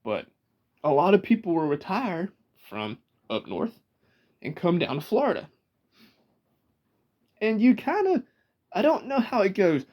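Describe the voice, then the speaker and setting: A man with a Georgia Southern accent tells stories casually to the camera. His voice sits a little high for a man and swings up and down in a lively way. He talks in a chatty, rambling manner full of asides. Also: normal speed, pauses often. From Georgia, USA.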